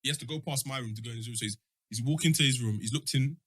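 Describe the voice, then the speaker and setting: A man's voice: mid-range voice, racing, slightly rough, no room sound. A man telling a funny story to friends in casual chat, acting out the voices in it. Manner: animated, acts out quoted voices. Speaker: podcast co-host.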